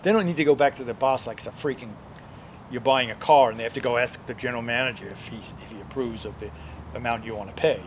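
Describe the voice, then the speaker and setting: A man, a debt defense lawyer, giving emphatic, conversational legal advice with loud asides, with faint outdoor traffic noise behind. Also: mid-range voice, fast. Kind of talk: explanatory legal advice video.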